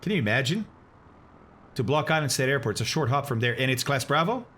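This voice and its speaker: Husky, lively-voiced man streaming casually. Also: mid-range voice, quick pace. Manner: chatty, thanks viewers and reacts aloud to chat; groaning and exclaiming over bad-tasting candy. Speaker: flight simulator streamer. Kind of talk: casual live-stream chat.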